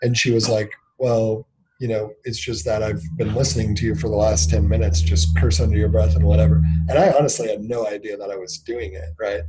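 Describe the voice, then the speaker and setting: This thirty-something founder speaks in a lowish voice with fairly even intonation and a brisk pace, background noise behind him. As an interview guest he shares a personal story frankly, leaning on fillers and voicing other people's quoted lines.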